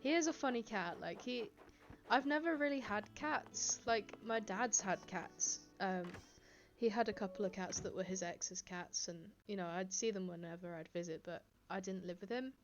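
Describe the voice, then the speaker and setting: Chatty woman streamer at her desk mic, giggly and relaxed, audio slightly muffled. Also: medium pitch, normal speed, soft background music. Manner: chatty, giggly, reads chat aloud. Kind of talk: casual live-stream chat. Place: home, indoors. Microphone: desk microphone.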